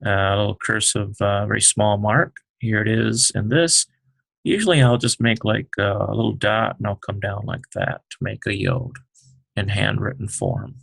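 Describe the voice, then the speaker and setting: Man, Hebrew teacher, gravelly, husky, slow, halting, explaining letters as he writes. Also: fairly low pitch, fairly even intonation, a bit bright, no room sound. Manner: slow, halting, many fillers, explains while writing. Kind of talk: unscripted alphabet lesson.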